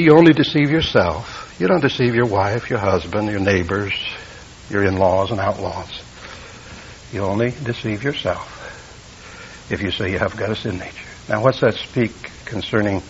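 A man preaching a verse-by-verse Bible teaching sermon, explaining grammar and swinging between loud emphasis and quiet asides. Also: highs cut off, a little hiss or hum. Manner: explains the Greek grammar, rising loudly for emphasis then dropping low.

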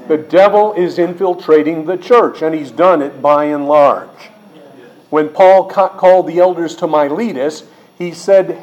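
A middle-aged man, a pastor teacher, preaching a sermon in an emphatic way, slowing and rising on quoted words. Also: fairly high pitch, a little mellow, poor audio.

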